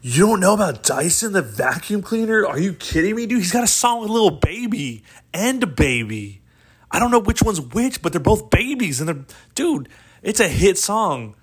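Guy putting on a know-it-all superfan, voice jumped way up high, excited and incredulous, tripping over his words. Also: moderate pace, slightly rough, full character voice.

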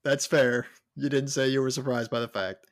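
A man's voice: medium pitch, steady tone, normal speed, no echo, studio quality. A man hosting a podcast in casual chat, rambling with restarts and laughing often. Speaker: podcast host, book reader.

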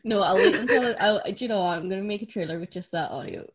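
A woman's voice: mid-range voice, lively intonation, fast talker, background noise. A young woman with a Donegal Irish accent, co-hosting a podcast in casual chat and laughing often. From Donegal, Ireland. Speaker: podcast co-host.

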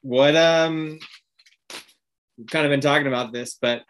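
A man's voice: fairly high pitch, steady tone, a little slow, a bit bright. A man hosting an interview, asking questions with short reactive affirmations.

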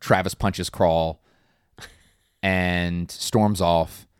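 A man's voice: low voice, fairly even intonation, extremely slow, clean tone, no echo, clean studio sound. A man co-hosting a casual movie podcast, retelling scenes and acting out the characters' lines. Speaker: podcast co-host. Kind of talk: casual movie recap chat.

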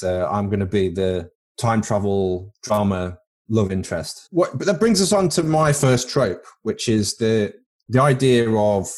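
British guy on a podcast, lowish voice, rambly and crude, jokes pile up. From Britain. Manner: rambling, crude comic tangents. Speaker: podcast co-host. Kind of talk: casual chat.

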